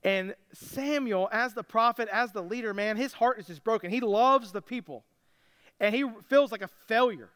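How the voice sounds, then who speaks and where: This man preaches at a normal speed in a very high voice that's smooth, clear, and a bit bright. Speaking like a pastor to his congregation, he retells the story in a relaxed way, interrupting himself with jokes.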